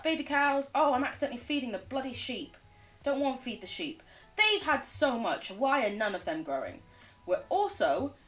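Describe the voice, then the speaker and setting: A woman's voice: mid-range voice, recorded from a distance. A woman game streamer chatting casually and rambling as she plays, laughing often. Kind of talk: casual gaming chat.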